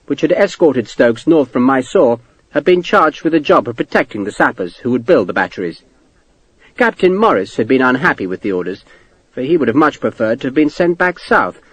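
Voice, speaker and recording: A man narrating an audiobook in an expressive, varied delivery. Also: mid-range voice, dry recording, low-quality recording. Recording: dry close studio recording.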